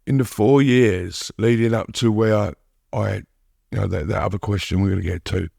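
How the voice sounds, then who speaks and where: Gravelly low-voiced man. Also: steady tone, a little mellow, no room sound, clean studio sound. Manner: halting, repeats words, many "you know what I mean". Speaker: podcast guest. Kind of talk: candid recovery interview.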